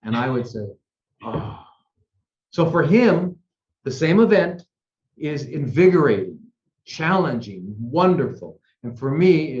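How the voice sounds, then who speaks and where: A man's voice: mid-range voice, darkish tone. Male doctor guest, storytelling explainer, muffled lo-fi sound with echo. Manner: explains through stories and examples, frequent ums. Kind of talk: explanatory interview talk.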